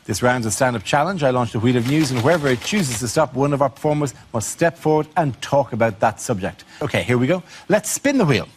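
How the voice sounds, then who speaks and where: A man hosting a comedy panel show, briskly announcing rounds and thanking the comedians. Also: mid-range voice, expressive. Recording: live studio with audience noise.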